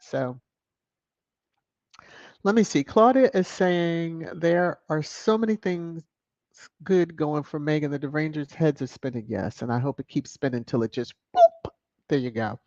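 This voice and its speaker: A woman's voice: low voice, darkish tone. A woman hosts a casual live stream and gushes her thanks to viewers, breaking into laughter often. The recording is dull and lo-fi, with a dry, close sound and no room echo. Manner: effusive, chatty, laughs often. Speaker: channel host. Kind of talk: live-stream chat reading viewer donations.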